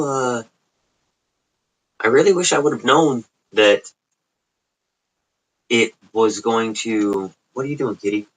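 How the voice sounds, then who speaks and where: A man's voice: mid-range voice, lively intonation, unhurried, long pauses, poor audio. A man with a suburban Chicago accent hosting a casual late-night livestream from home, rambling and profane. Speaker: livestream host.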